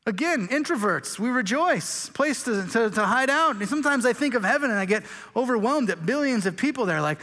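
A man's voice: very high-pitched, animated, fairly quick, hardly any pauses, bright, forceful tone. A man preaching a sermon as pastor, joking and casual, stumbling over words and restarting often. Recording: long hall reverb.

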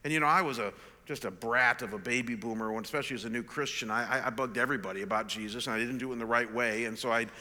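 Bright-voiced older man preaching in a hall. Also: mid-range voice, very fast, few pauses. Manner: animated, self-deprecating storytelling with quoted dialogue. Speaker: pastor. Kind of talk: sermon storytelling. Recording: long reverb of a large hall.

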